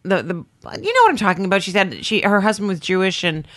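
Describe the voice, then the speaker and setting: A woman's voice: medium pitch, fast. A woman from Canada, a comedian, chatting animatedly as a guest and slipping into impressions. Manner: animated storyteller who slips into impressions. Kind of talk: casual interview chat.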